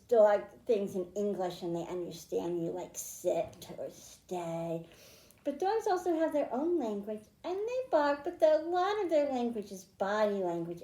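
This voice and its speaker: A woman librarian leading a children's storytime, reading aloud and explaining in an animated, sing-song way. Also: a little high. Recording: echoey room.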